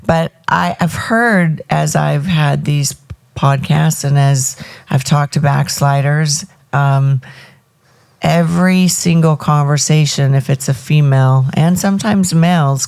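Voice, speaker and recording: Gravelly-voiced woman hosting a podcast. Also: low-pitched, darkish tone, no room sound, clean studio sound. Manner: halting, many ums and restarts. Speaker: podcast host. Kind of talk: casual conversational podcast intro.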